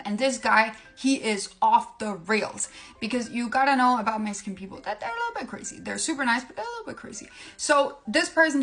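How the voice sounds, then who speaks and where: A woman with a higher-pitched voice talks through a comedic language tutorial. She is playful and giggly, often dissolving into laughter. Faint music plays behind her. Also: fairly bright tone. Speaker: language-tips creator.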